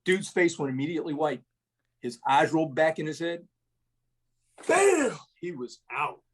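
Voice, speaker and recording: A husky, slightly high-voiced middle-aged man spins salty stories as a podcast guest. He talks casually and animatedly, ending lines with "man.". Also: sing-song, moderate pace. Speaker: retired army first sergeant, guest. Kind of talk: casual storytelling.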